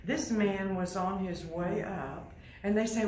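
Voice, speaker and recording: An older woman giving a quiet, measured personal testimony as guest speaker at a university. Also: mid-range voice, roomy sound, a little hiss or hum, rough recording. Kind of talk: personal testimony to a live audience. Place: university hall.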